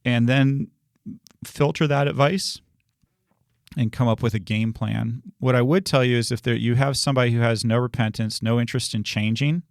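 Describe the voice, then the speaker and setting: A man speaking as a pastor in a relaxed sermon discussion, earnest and reassuring, often restarting his sentences. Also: medium pitch, moderate pace, dry recording, studio quality.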